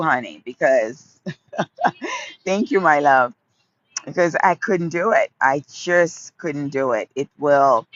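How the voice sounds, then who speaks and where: Streaming live from a sunny park on her phone, a woman in her fifties from Haiti answers her viewers in relaxed chat, naming them affectionately and calling them her loves. She speaks slowly in a deep, fairly bright voice, lovingly repeating herself, over dull, slightly lo-fi sound.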